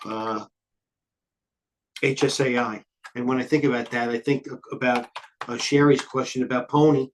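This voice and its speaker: A middle-aged man hosts a live market commentary stream, rambling and jumping from tangent to tangent. His voice is medium-pitched and steady, and he's blunt, fast-thinking, and cusses now and then.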